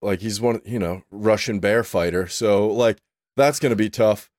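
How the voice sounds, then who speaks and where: A man's voice: on the low side, moderate pace, darkish tone, no echo, studio quality. A man appearing as a podcast guest, talking loosely and offhand. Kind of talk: casual podcast chat.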